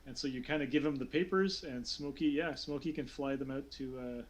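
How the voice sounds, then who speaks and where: A man's voice: mid-range voice, brisk, rough recording. A young man running a tabletop game as game master, talking with many fillers and restarts.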